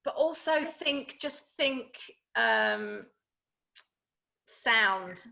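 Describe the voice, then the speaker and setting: Gravelly bright woman. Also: a little high, lively intonation, drawn-out words, muffled recording. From Essex, England. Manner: hesitant, repeats words. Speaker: playwright guest. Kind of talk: casual conversational answers.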